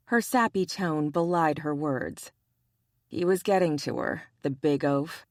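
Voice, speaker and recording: A woman narrating an audiobook romance in a measured, even reading style. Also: low voice, no room sound, studio quality. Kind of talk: scripted narration.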